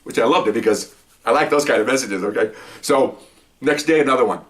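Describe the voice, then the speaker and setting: A man's voice: medium pitch, a little fast, recorded from a distance. An older man, a police veteran, telling his own anecdotes in a casual, rambling way full of repeated "you know.".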